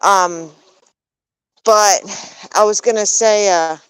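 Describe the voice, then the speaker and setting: This bilingual German-English woman in her thirties, an American who grew up in Germany, runs a backyard poultry vlog. Her medium-pitched voice is slow and smooth in a dry, poor-quality recording, as she chats casually, laughing a lot and restarting with plenty of ums.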